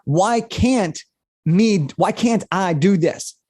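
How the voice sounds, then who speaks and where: A young man, a guest on an interview podcast, telling a personal story in an energetic, animated way. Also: sits high, slow pace, no room sound, clean studio sound.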